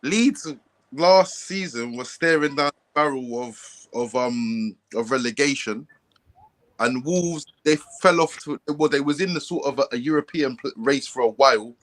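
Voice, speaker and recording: A man's voice: mid-range voice, a bit bright, poor audio. A man on a football panel who rambles and repeats himself. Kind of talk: casual football chat.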